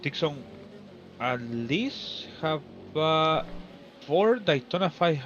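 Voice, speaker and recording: A man co-commentating a race in casual chat, halting and restarting with non-native phrasing. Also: a little high, sing-song, fairly bright tone, dull audio, a little hiss or hum.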